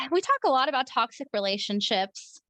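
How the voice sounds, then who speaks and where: A woman's voice: high voice, lively intonation, normal speed, pushed and bright, dry recording. A woman co-hosting a casual podcast, bubbly and laughing often. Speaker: podcast co-host. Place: Arizona.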